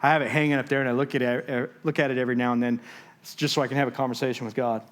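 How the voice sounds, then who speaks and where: A man giving a sermon as guest speaker, telling a personal story with dramatic pauses, moving between loud and hushed moments. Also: medium pitch, little pitch movement, background noise. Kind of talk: sermon testimony. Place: church stage.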